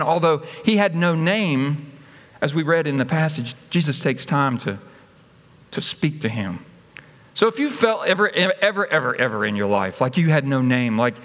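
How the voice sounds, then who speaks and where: A man's voice: fairly high pitch, fairly bright tone. A man preaching a sermon, telling the story dramatically and acting out its voices. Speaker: pastor. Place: church sanctuary. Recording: long hall reverb.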